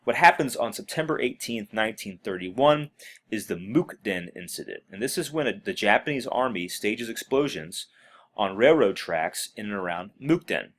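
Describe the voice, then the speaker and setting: A man's voice: lowish voice, animated, moderate pace. A man teaching a recorded history lesson while scrolling through notes, talking casually with many fillers and restarts. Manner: casual, filler-heavy, self-correcting. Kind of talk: recorded classroom lecture.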